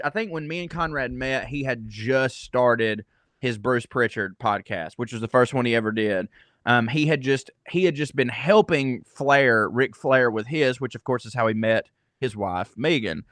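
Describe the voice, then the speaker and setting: A man's voice: medium pitch, a bit bright, dry recording. A man in his thirties from Georgia, a comedian guest talking casually, rambling and profane with many restarts. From Georgia, USA. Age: 30s. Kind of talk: casual podcast conversation.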